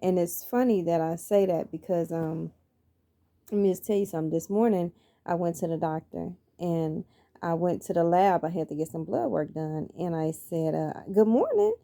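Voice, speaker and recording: A woman's voice: fairly low pitch, fairly even intonation, moderate pace, mellow. A middle-aged woman, telling her life story in an earnest, preacherly way and repeating phrases for emphasis. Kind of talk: personal motivational monologue.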